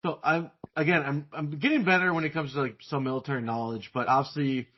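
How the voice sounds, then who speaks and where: A man hosting an interview podcast, asking curious questions in a casual way with quick bursts of speech. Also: fairly even intonation. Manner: curious, asks with rising pitch and quick bursts. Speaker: podcast host, therapist. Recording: dull lo-fi audio.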